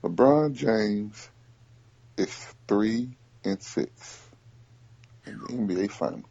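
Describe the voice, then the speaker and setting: A man hosting a casual sports podcast, talking in animated bursts and repeating himself as he makes his point. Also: on the low side, slow pace, vocal fry, breathy edge, muffled recording. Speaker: podcast host.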